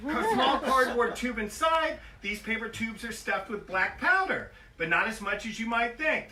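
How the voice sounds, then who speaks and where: Heard distantly in an echoey store with slight background noise, an older man with a very high, bright, forceful voice reads his memoir live at a bookstore. His reading is profane and self-deprecating, full of comic asides and tangents.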